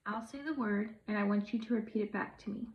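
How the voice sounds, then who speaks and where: A young woman, a pre-service teacher, leading a phonics lesson for young children, speaking slowly and encouragingly. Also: mid-range voice. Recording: echoey room, dull lo-fi sound.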